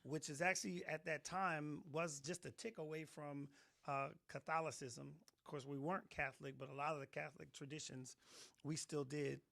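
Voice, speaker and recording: Gravelly-voiced pastor telling his testimony. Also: fairly high pitch, moderate pace. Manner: animated storytelling, acts out quotes. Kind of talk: personal testimony in an interview.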